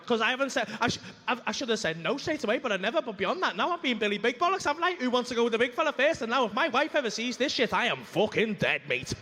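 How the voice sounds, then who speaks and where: Sweary high-voiced comic. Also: male voice, fast talker, few pauses. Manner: sweary, animated, acts out dialogue. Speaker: stand-up comedian. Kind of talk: stand-up storytelling. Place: comedy club stage. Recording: live club room with faint ambience.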